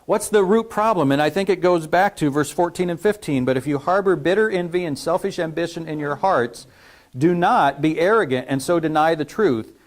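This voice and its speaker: A man's voice: on the high side, fairly quick. A man preaching a conversational sermon, asking his congregation questions as he teaches. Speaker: pastor.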